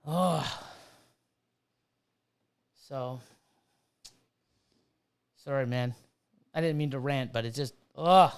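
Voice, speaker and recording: A man's voice: mid-range voice, drawn-out words, pauses often, clear, resonant tone. A middle-aged man who breeds reptiles, ranting heatedly on a casual livestream, swearing constantly and repeating himself. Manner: profane, heated, repetitive ranting.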